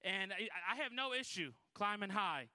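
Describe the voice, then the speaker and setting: A man's voice: high voice, expressive, normal speed, pushed and bright, no room sound. A middle-aged man from Michigan preaching as a guest at a Pentecostal church, telling a folksy, self-deprecating story with many restarts. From Michigan, USA. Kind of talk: Pentecostal sermon with personal story.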